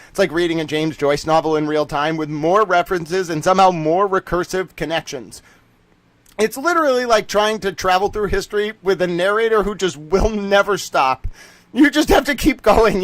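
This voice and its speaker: A high-pitched man hosts his livestream in a rapid, excitable rant, sometimes breaking into yells. His voice sits close and dry on the mic. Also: no room sound. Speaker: livestream host.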